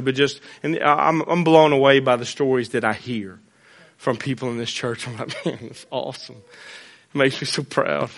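A pastor preaching a sermon in church, blunt and folksy with joking asides. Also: male voice, fairly high pitch, fairly bright tone.

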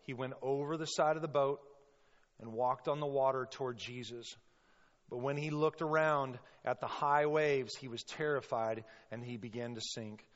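A man preaching a sermon as a pastor, impassioned and storytelling, with sudden loud bursts when he acts out quotes. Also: medium pitch, steady tone, normal speed. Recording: long reverb, dull sound.

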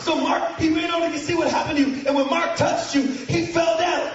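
High-voiced preacher in an echoey hall. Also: male voice, brisk, few pauses, over music, a crowd in the background. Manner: animated, breaks into shouting and snatches of song. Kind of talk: storytelling sermon. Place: large church hall with congregation. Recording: echoey hall from far off, dull sound.

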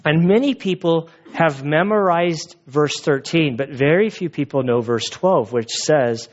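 A man's voice: fairly high pitch, expressive, a little slow. A man preaches a sermon with a slightly raised voice. He talks like he is telling a story to friends, with loose fillers and restarts. The recording sounds dull and lo-fi. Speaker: pastor.

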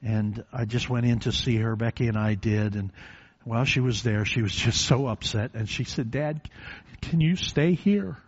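An older man preaching a sermon in a church, telling a quiet personal story that swells into loud, drawn-out preaching. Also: lowish voice, level tone, husky. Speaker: pastor. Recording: dull lo-fi recording.

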